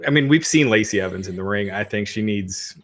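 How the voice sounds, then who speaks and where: A man hosting a podcast, giving measured opinions with frequent hesitations and fillers. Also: lowish voice, fairly bright tone. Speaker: podcast host. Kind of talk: casual podcast chat.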